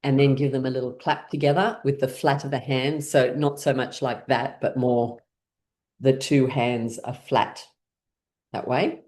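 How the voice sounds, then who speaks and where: A middle-aged woman leading a laughter yoga class, calmly and playfully guiding the group. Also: extremely low pitch, measured pace. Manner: calm, gently guiding, playful. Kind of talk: guided class instruction.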